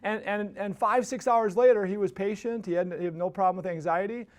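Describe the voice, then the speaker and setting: A man's voice: high-pitched, a little fast. A man hosting a podcast, telling a casual story that rambles with many restarts and tag questions. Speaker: podcast host.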